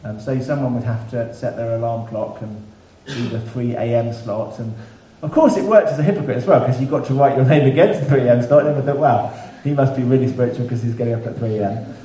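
Male preacher, chatty sermon delivery with wry humour, mellow tone, roomy echo from a distant mic. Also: mid-range voice, quick pace, few pauses. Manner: conversational, self-deprecating humour. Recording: echoey room, mic at a distance, faint background hiss.

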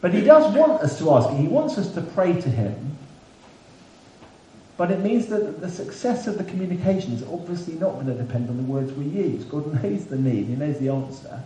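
Male preacher, chatty sermon delivery with wry humour, mellow tone, roomy echo from a distant mic. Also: fairly high pitch, big pitch swings, moderate pace. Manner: conversational, self-deprecating humour. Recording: echoey room, mic at a distance, faint background hiss.

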